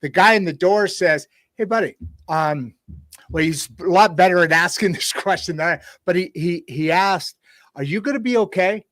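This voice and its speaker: A man's voice: high voice, normal speed, fairly bright tone, no echo, studio quality. A man hosting an interview, who talks in rambling stretches full of restarts and is moved while retelling a story. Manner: rambling, with many restarts and false starts. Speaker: podcast host. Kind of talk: conversational interview.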